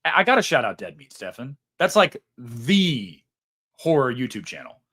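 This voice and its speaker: A man's voice: medium pitch, moderate pace. A young man chats on a live stream, reading super chats aloud. His voice swings widely up and down as he rambles and jokes about himself. He swears casually and trails off mid-thought. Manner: rambling, animated, swears casually, self-mocking.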